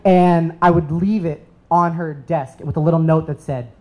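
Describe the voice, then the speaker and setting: A man in his thirties from the United States telling a comedic story live on stage into a microphone, animated and self-deprecating. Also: on the high side, normal speed, a little hiss or hum, poor audio. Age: 30s.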